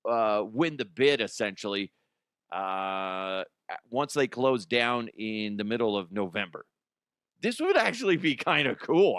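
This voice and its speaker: A male podcast host riffing through comedic news with a loose, self-mocking manner and the odd swear. His pitch swings a lot as he jokes. The sound is close and dry, with no room around it. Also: fairly bright tone, no echo.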